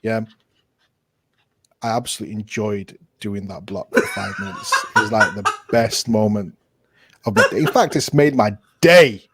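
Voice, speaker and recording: A man's voice: on the low side, huge pitch swings, normal speed, very noisy. A young man co-hosting a casual advice podcast, joking around with cheeky, mock-stern banter. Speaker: podcast co-host.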